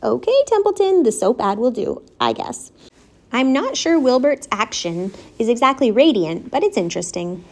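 Brief: wise, patient female spider, gentle but firm, high animated voice, as a woman reads her in a storybook. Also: moderate pace. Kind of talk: storybook reading.

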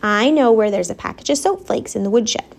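Templeton: a sarcastic, put-upon barn rat who grumbles and complains, voiced by a woman reading a storybook. The voice sits high and swings widely in pitch as the complaints pile up. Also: expressive, brisk, vocal fry. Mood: grumbling.

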